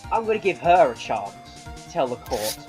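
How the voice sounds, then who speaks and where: A man playing a tabletop game in character as a lawyer, with a smug, measured courtroom delivery. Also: mid-range voice, sing-song, darkish tone, soft background music. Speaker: player.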